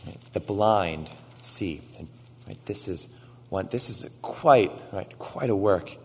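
A man preaching a sermon, retelling stories with animated quoted lines and frequent "right?" asides. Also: sits low, takes it slowly, husky, big-room sound. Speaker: pastor.

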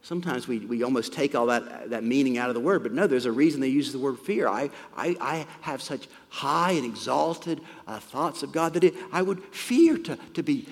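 A man preaching a sermon, emphatic and animated, with sudden rises and soft drops in his voice. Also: mid-range voice, normal speed, hardly any pauses. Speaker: pastor. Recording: long reverb of a large hall.

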